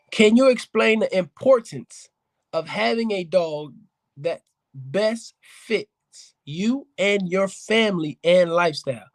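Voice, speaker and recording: Blunt high-voiced man talking dogs. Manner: talks straight to viewers, calls them fam and y'all; blunt, emphatic, repeats himself for stress. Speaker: dog breeder and podcast host. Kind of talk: casual advice talk to viewers.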